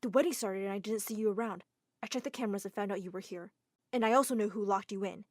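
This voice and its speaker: A woman's voice: medium pitch, quick pace, no echo, studio quality, natural voice. A woman voicing a nervous, polite young male assistant who talks deferentially. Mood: steady. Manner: deferential, keeps saying ma'am.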